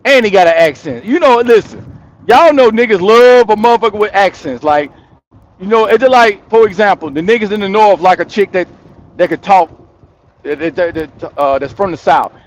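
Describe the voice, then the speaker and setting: A man's voice: high-pitched, expressive, normal speed. A man hosting his channel, giving his opinion in casual commentary, talking straight to his viewers, laughing between points and repeating himself for emphasis. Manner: emphatic and repetitive, hammering points home. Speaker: channel host.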